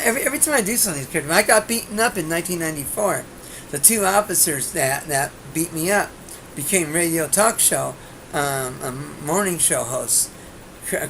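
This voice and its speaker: A woman's voice: low-pitched, background noise. A woman hosting her own comedy talk show, rambling through a monologue with brash jokes and many restarts. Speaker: host and comedian.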